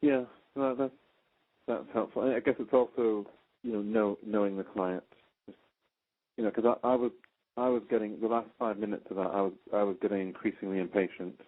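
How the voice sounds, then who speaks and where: A man in a coaching class who asks questions haltingly, with many restarts. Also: fairly low pitch. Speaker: coaching student. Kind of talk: asking questions in a class call. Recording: tinny phone line.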